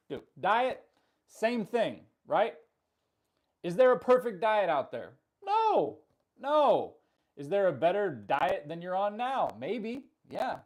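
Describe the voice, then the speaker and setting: A man coaching on a live stream, upbeat, greeting viewers and answering chat comments, often laughing and repeating words for emphasis. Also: high-pitched. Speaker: fitness coach.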